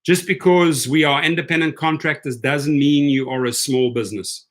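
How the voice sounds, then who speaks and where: A man hosting a casual livestream for gig drivers, chatty and excitable, reading viewer comments aloud. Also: a little high, normal speed.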